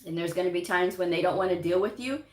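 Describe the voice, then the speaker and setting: A woman's voice: lowish voice, fast talker, a little mellow. A woman hosting a casual live chat on her channel, giving career advice on medical coding. She speaks emphatically, repeats her points and chuckles often. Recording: roomy echo.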